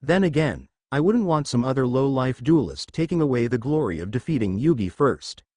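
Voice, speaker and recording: A man's voice: medium pitch, animated, a little fast, warm tone, no echo, studio quality, close to an everyday voice. A man voicing a haughty, dismissive young male rival duelist in a storybook reading.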